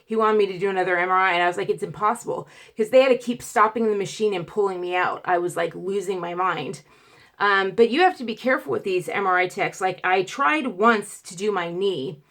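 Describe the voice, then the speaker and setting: Chatty woman retelling a hard story. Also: mid-range voice. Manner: animated, acts out quotes, grows loud and emotional; stutters and restarts. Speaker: vlogger. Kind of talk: casual storytelling vlog.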